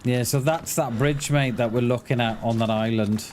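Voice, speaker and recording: A man's voice: medium pitch, moderate pace, slight background noise. A man streaming a survival game, chatting casually and joking with a teammate. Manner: relaxed, joking banter with a teammate. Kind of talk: casual gameplay chat.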